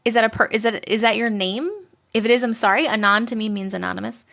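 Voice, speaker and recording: A woman's voice: on the high side, steady tone, quick pace, gravelly, fairly bright tone. A young woman hosting a casual live stream, chatting with viewers and reading their stories aloud, giggly and sometimes dropping to a whisper.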